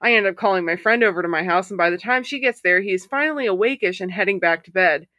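A woman's voice: mid-range voice, fast talker, sharp tone, no room sound, clean studio sound. Laughing, swearing woman podcast host. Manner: casual, swears freely, laughs often while reading. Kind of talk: reading listener stories aloud.

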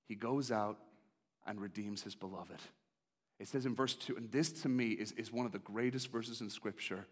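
A man preaching a sermon passionately, moving between hushed confession and excited storytelling. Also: fairly low pitch, normal speed. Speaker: pastor.

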